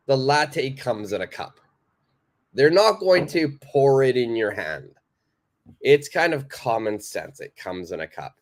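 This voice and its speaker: Lively man teaching English live. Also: mid-range voice, measured pace. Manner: lively, emphatic explaining, reads viewer comments aloud. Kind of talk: live online English lesson.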